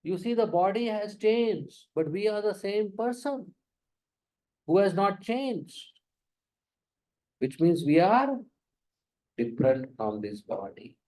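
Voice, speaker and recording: A man giving a spiritual talk, slow and emphatic, often questioning his audience. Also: high-pitched, very animated, mellow, poor audio. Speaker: spiritual lecturer. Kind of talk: sermon.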